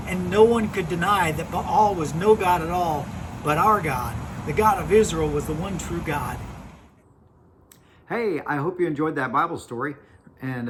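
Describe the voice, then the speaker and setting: A man from a children's ministry, telling a Bible story to children outdoors in an animated way, often repeating words as he goes. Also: on the high side. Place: outdoors in a backyard by a fire pit. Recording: noisy outdoor recording.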